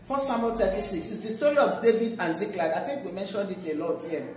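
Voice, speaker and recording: A pastor preaches an emphatic sermon, pushing out loud calls and then dropping into quiet asides. The voice rings through a large, very echoey church hall and sounds some distance from the mic. A faint hum of room noise sits underneath. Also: medium pitch, fast talker.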